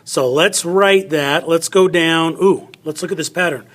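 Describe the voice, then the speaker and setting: A middle-aged male teacher walks a class through a phonics lesson, thinking aloud as he works with paper and pen. His voice sits a little high for a man, and he talks at an unhurried, slow pace. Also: fairly bright tone. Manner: chatty, thinks aloud while cutting and writing.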